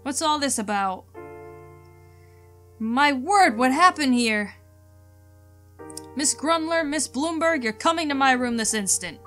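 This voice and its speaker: A woman's voice: high voice, expressive, slow, long pauses, sharp tone, soft background music, full character voice. A woman voicing a stern nun schoolteacher in a game, prim and formal as she scolds. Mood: scolding. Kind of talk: game dialogue read aloud.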